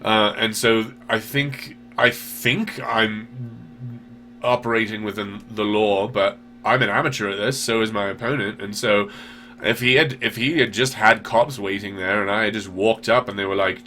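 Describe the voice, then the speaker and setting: A man's voice: fairly low pitch, steady tone, normal speed, sharp tone. Swearing, rambling man hosting a show. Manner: profane, rambling, self-deprecating. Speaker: show host answering viewer questions. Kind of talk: casual chat.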